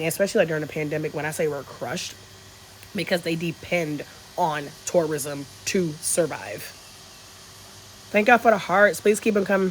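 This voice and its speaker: A woman's voice: low-pitched, a bit bright, slight background noise, poor audio. A woman, chatting frankly on a phone livestream from a resort, reading comments, swearing and laughing freely. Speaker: travel vlogger on a livestream. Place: resort in Bali, outdoors.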